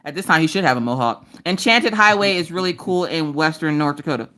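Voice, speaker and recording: Low-pitched and brisk, she's the energetic host of an easygoing crafting livestream who speaks straight to her viewers with plenty of sass. Her roots are in the eastern United States countryside.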